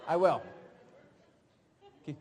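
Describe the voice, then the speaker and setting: A man training a live audience in a seminar drill, energetic and coaching, with quick asides. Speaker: network marketing trainer. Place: large hall with audience. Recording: long hall reverb.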